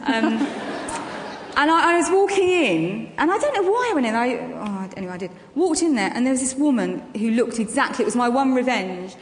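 A chatty woman tells stories on stage, her voice pitched a little high. She pauses often with ums and breaks into small laughs. The sound is a big echoey hall with a long reverb and faint ambience. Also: very animated. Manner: chatty anecdotal storytelling with frequent ums and laughs. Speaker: guest actress and comedian. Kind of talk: on-stage festival interview.

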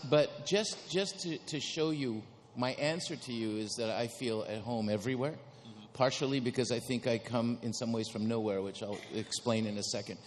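A man's voice: medium pitch, a little hiss or hum. Male author, playful panel guest, mid voice, echoing hall. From Mexico. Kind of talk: panel discussion. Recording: reverberant hall.

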